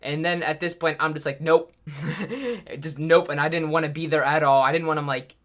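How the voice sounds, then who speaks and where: A man's voice: a little high, moderate pace, a bit bright. Teen boy rambling through a storytime. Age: teens. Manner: rambling, filler-heavy retelling. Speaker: YouTuber. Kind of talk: casual storytime.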